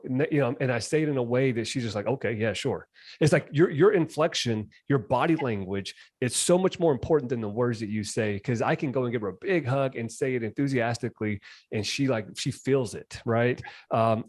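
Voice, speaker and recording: A man hosting a podcast interview in an easy, casual way. He talks quickly, circling back with restarts and plenty of "you know", and acts out quoted reactions as he goes. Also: mid-range voice, darkish tone, no echo, studio quality. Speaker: podcast host.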